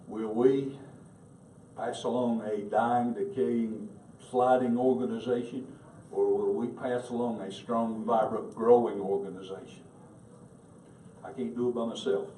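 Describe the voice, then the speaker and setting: A man with a Southern US accent gives a rousing speech full of rhetorical questions. His voice is of ordinary pitch and echoes in a large hall, picked up from a distance. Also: steady tone, a little slow, dark tone, a little hiss or hum. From North Carolina. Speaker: candidate for national commander.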